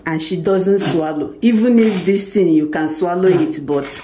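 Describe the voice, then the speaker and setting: A Nigerian woman filming a casual family vlog at home, gently coaxing her child and laughing often. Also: fairly low pitch, moderate pace, background noise. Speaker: family vlogger, mother.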